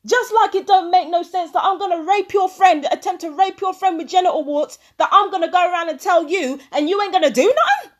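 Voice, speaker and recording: A woman delivers a furious, foul-mouthed rant, pausing a recording to argue back at it. Her voice sits high, and she hammers the same questions over and over. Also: animated. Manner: furious, profane ranting with repeated questions. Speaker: vlogger. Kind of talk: angry commentary over a played recording.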